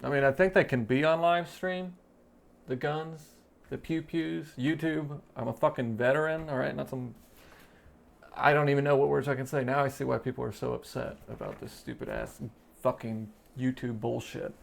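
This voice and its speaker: Gravelly profane veteran man. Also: medium pitch, steady tone, normal speed. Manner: profane, annoyed, rambling. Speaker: channel host and Navy veteran. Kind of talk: casual vlog talk to camera.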